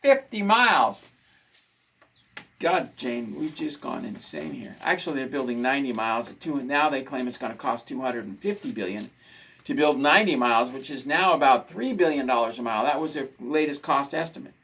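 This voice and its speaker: A man's voice: medium pitch, animated, brisk, vocal fry, bright, forceful tone, husky, poor audio. A man hosting a casual talk show, ranting indignantly and repeating his points for emphasis. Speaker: host.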